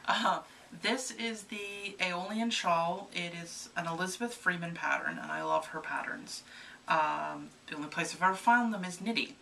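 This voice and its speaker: A woman's voice: on the low side, normal speed, vocal fry, bright, forceful tone. A woman co-hosting a casual knitting podcast, playful and rambling, with many "um"s. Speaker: podcast co-host. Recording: distant mic with faint room noise.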